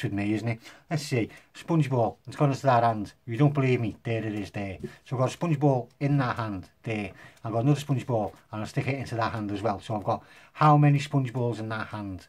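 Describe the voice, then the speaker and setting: Man, casual magic demo, jokey, self-mocking, medium pitch. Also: a little fast, a little mellow. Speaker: magician presenting tricks. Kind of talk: casual magic demonstration to camera.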